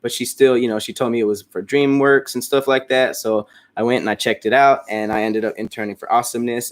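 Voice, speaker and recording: A man hosting a casual stream, chatting with his fans in a loose, rambling way, with frequent restarts and casual swearing. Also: lowish voice. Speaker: host. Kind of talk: casual livestream chat answering fans.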